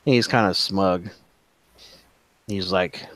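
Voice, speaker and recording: A man running a tabletop game, narrating casually with swearing and lots of fillers. His voice is low and he talks slowly. The sound is dry and close. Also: dry recording. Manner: casual, profane, many fillers. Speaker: game master.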